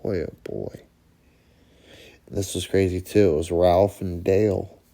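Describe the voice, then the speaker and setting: Low gravelly man rambling about sports. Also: steady tone, unhurried, dark tone. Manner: rambling, profane, calls himself Coach in third person. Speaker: sports show host. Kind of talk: casual sports chat.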